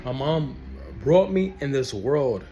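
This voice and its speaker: A man's voice: medium pitch, expressive, slow, mellow, lo-fi sound. Young guy ranting to the camera, pissed off, cursing, says stuff twice, voice jumps all over. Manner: angry, profane, repeats his phrases. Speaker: ex-Jehovah's Witness vlogger. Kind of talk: heated personal rant to camera.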